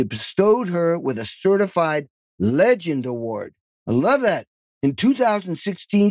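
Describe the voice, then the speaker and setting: A man's voice: a little high, a little mellow, dry recording, clean studio sound. A man hosting an interview podcast, enthusiastic and effusive as he introduces and questions his guest. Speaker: podcast host.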